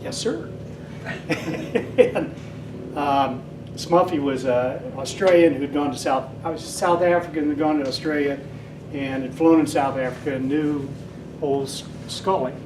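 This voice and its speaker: A man's voice: a little high, fairly even intonation, normal speed, recorded from a distance, noisy background. Older man lecturing in an echoey hall. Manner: rambling storyteller, acts out quoted voices. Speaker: guest speaker. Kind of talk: casual lecture.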